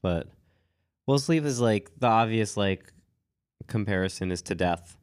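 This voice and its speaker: A man co-hosting a podcast with a cold, telling stories in a relaxed chatty way with lots of "like" and small laughs. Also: fairly low pitch, unhurried, clean tone, no echo, studio quality. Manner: relaxed storytelling with frequent "like" and laughs. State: has a cold. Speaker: podcast co-host. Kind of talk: casual chat.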